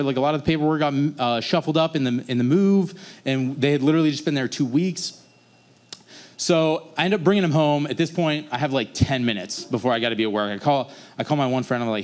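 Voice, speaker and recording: A young man telling a rambling personal story on stage at a live story slam, jumping up in pitch when he acts out his own past lines. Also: quick pace. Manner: rambling, animated, plays out his own past dialogue in a raised voice.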